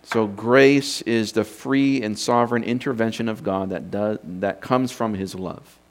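A man's voice: on the low side, unhurried. A man teaching from scripture in an unscripted sermon, thinking aloud and posing rhetorical questions to his listeners. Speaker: preacher teaching doctrine.

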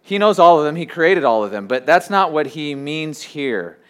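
A pastor preaching a sermon, swinging between loud emphasis and quiet, low asides. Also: male voice, expressive, normal speed, clear, resonant tone.

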